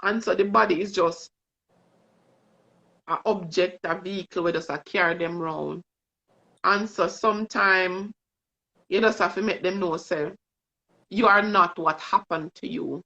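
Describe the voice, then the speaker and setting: A woman's voice: lowish voice, measured pace, pauses often, bright, forceful tone. A woman with a Jamaican accent, a guest telling earnest, emotional stories in casual chat. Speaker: guest, vision board coach. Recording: dull lo-fi stream audio.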